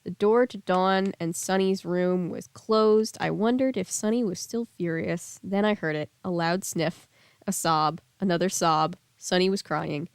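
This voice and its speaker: Woman streamer, reading aloud, casual asides, smooth voice, dry close sound. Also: on the low side, fairly even intonation, measured pace, no echo. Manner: casual asides and self-corrections while reading.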